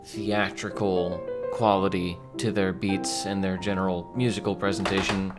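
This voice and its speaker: A man's voice: sits low, little pitch movement, normal speed. Rambling, foul-mouthed young man with music behind. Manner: rambling, profane, self-deprecating, many restarts. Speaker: video essayist. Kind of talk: casual commentary.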